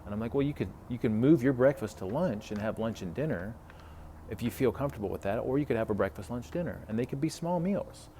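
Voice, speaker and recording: A man's voice: medium pitch, animated, fast, dark tone, slight background noise. A man talking casually as a health coach, retelling a client conversation with lots of fillers and asides. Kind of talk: casual podcast talk.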